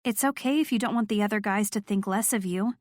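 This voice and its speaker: A woman narrating a first-person romance audiobook in a steady, clear storytelling voice. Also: mid-range voice, fast talker, dry recording, studio quality.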